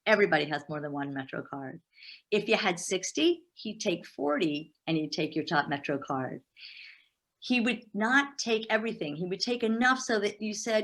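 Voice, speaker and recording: A middle-aged woman, an entrepreneur, telling a lively story in an interview and acting out the dialogue. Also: mid-range voice, normal speed. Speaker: entrepreneur guest.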